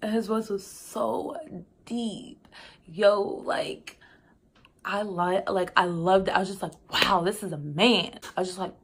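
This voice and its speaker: A young woman spins a casual storytime with chatty, expressive energy, tossing in slangy asides and laughing along the way. Her voice sits at a medium, everyday pitch. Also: measured pace, gravelly, slight background noise. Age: young adult. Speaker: vlogger.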